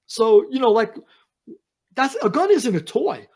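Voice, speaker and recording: A man, talking as a podcast guest over a video call, animated and emphatic. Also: very high voice, measured pace. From United States. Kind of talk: casual chat.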